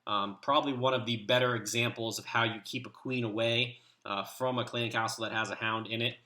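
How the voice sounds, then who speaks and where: A man's voice: medium pitch, brisk. Chill guy rambling over game clips, lots of ums, echoey room. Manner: relaxed, rambling, many fillers. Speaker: clan leader and video host. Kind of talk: casual game commentary.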